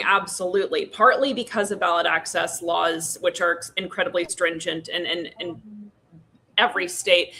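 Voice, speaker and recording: A woman guest on an online panel, explaining her political views in a fluent, steady way. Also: mid-range voice. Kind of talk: casual political discussion.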